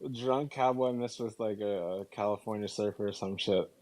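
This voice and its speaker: Laid-back man with a low voice. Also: moderate pace, darkish tone, rough recording. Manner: laid-back, easygoing drawl. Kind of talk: casual chat on a live audio space.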